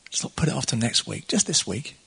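A man's voice: medium pitch, animated, brisk, gravelly, sharp tone, husky. A man preaching a casual sermon, chatty and conversational, laughing often and acting out the quotes.

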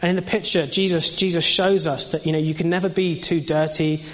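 Brisk and a bit bright, the fairly high, steady voice belongs to a young man giving an informal sermon. He talks conversationally with many fillers and restarts, and the hall adds long reverb.

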